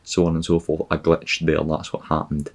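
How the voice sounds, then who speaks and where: A man's voice: a bass voice, monotone, moderate pace, gravelly. A Scottish man hosting a podcast, rambling through a comic, sarcastic and profane travel monologue. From Scotland. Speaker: podcast host.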